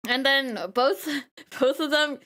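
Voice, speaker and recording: A woman's voice: high-pitched, fairly even intonation, slow pace, pushed and bright. A woman streamer telling a story in casual chat, giggling through her words and stumbling over repeated words.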